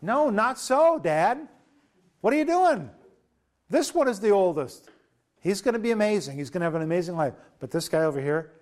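A man's voice: fairly high pitch, quick pace, few pauses, clean tone, natural voice. A man voicing an agitated grown son who pleads with his father during a sermon retelling. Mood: protesting. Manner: excited, pleading.

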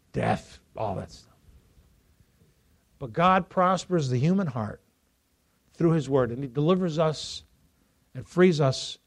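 Lively, joking male pastor preaching. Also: fairly high pitch. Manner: lively, jokes with congregation, rising to loud emphasis. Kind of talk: sermon. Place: church before a congregation.

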